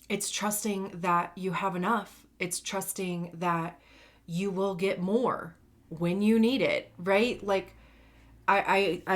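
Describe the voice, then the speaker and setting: A woman giving a casual, slangy tarot reading, chatty and laughing often. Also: fairly low pitch. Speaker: tarot reader.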